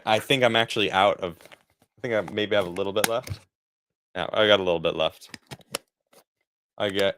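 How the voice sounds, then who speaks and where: A man in his forties with a lowish but fairly bright voice, recorded in studio quality with no room sound, rambles casually on a livestream. He answers viewer chat and laughs often.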